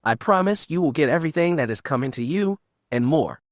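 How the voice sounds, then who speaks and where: A man voicing a scheming female Sith dark lord in an audiobook, purring and taunting. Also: fairly high pitch, animated, brisk, dry recording, studio quality, pitched above the performer's own voice, natural voice.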